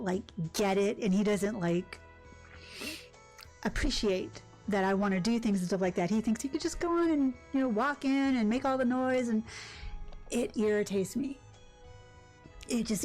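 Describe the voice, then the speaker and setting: A woman live-streaming a cozy game, chatting casually and rambling with quick asides about her day. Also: mid-range voice, darkish tone. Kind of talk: casual live-stream chat while gaming.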